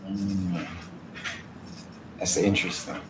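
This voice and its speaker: A man guesting as a magician in a casual interview, speaking haltingly with frequent restarts. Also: low voice, little pitch movement. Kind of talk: casual live-stream interview. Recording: echoey room, faint background noise.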